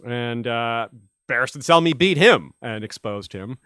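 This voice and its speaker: A man's voice: medium pitch, animated, measured pace, a bit bright, clean tone, no room sound, studio quality. A man hosting a casual podcast chat, rambling with many fillers and chuckles. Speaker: podcast host.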